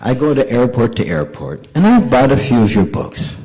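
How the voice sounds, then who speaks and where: A man's voice: medium pitch, wildly swooping pitch, normal speed, dark tone, pitched above the performer's own voice, low-quality recording. A man voicing a polite, pleading businessman. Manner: apologetic, pleading. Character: polite male businessman on family vacation.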